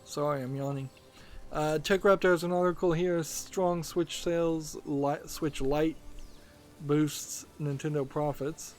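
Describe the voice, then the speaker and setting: A man's voice: a little high, steady tone, unhurried. A man hosting a let's-play, giving casual commentary while thinking aloud with lots of fillers. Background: game music.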